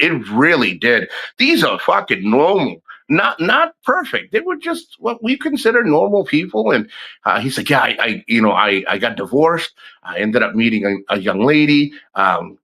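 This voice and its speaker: A man's voice: mid-range voice, sharp tone, low-quality recording. A man in his fifties talking in a casual, rambling way, swearing freely and often restarting his sentences. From United States. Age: 50s. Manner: rambling, profane, frequent restarts. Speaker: vlogger. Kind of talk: casual chat.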